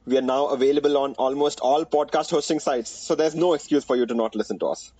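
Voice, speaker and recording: An Indian-accented man hosting a podcast in a loose, joking way. He stumbles and restarts often, and his pitch sits in the middle. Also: fast, warm tone, slightly rough, low-quality recording. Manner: playful, rhyming intro, frequent restarts. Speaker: podcast host. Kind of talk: casual podcast chat.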